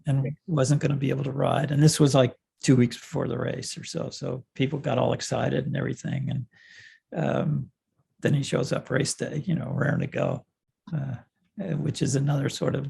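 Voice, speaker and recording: Gravelly, husky older man recalling stories. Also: medium pitch, darkish tone. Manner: measured storytelling with many fillers. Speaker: former cycling coach. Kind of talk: reminiscing interview answers.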